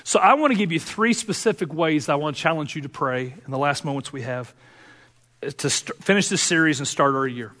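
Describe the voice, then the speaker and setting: Preaching in a church sanctuary, an earnest male pastor whose voice sits a bit high for a man shifts between fervent urging and quiet, personal confession. He's expressive and brisk, and each phrase trails off into long hall reverb.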